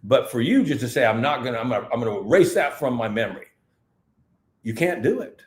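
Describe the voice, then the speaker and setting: A man delivers a motivational talk with an emphatic, repetitive style. His pitch rises and falls in a lively way. The sound carries a noticeable room echo. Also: fast. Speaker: seminar speaker. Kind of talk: live talk at a festival.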